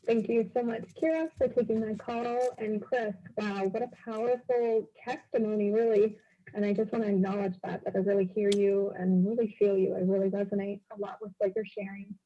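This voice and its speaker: A woman's voice: medium pitch, flat delivery, a little fast, dark tone. Grateful woman caller on a dull line. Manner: grateful, heartfelt.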